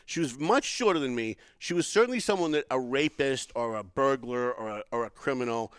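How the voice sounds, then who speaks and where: A podcast host from around Boston speaks in a clear, resonant mid-range voice that is expressive and a little fast. He tells a long story with many restarts during casual political chat, and there's no room sound.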